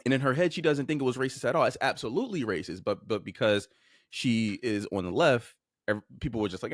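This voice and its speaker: A man's voice: mid-range voice, expressive, fast talker, no room sound, clean studio sound. A man hosting a podcast, talking bluntly and informally about clips he plays, swearing casually and restarting his phrases. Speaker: podcast host. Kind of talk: casual commentary on played clips.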